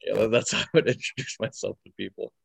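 A man's voice: fairly low pitch, steady tone, fast, gravelly, breathy edge, dry recording. A man in his twenties, a wrestler answering interview questions casually, hesitant and full of fillers, chuckling often. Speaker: wrestler guest.

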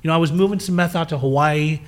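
A man telling his life story as a guest in an interview, animated and acting out the voices of the people he quotes. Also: on the high side, quick pace. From southern California.

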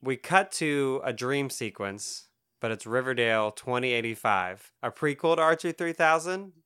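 A man's voice: medium pitch, lively intonation, normal speed, sharp tone, clean tone. A young man co-hosting a casual podcast chat, laughing often as he talks. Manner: laughs often, loose and chatty. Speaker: podcast co-host. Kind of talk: casual chat about comics.

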